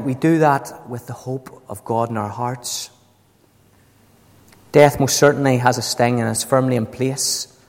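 A man preaching a sermon to a congregation, emphatic, his voice leaping up on key words. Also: a little mellow. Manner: emphatic, swings up to high ringing stresses. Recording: echoey hall with long reverb.

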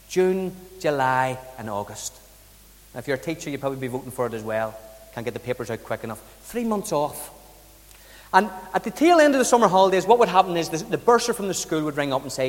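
A pastor from the south of Ireland, speaking with an Irish accent, preaches a sermon full of chatty storytelling and rhetorical questions. His voice is a little high, sing-song and a little fast, with a long reverb tail.

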